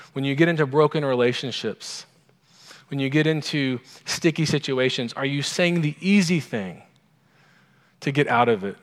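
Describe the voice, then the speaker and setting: A male pastor preaching an informal, conversational sermon, asking his congregation questions as he goes. His voice sits at an ordinary pitch. The sound carries a long reverb from a church hall.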